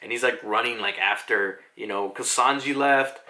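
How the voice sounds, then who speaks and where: Guy recapping a manga chapter, bright voice, loose and rambly, lots of swearing. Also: fairly low pitch, moderate pace. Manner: rambling, filler-heavy, profane.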